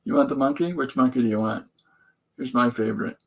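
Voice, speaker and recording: Gravelly, husky man rambling. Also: medium pitch, steady tone, brisk, poor audio. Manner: joking, meandering, lots of restarts. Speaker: host drawing comics on a stream. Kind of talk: rambling live-stream chat while drawing.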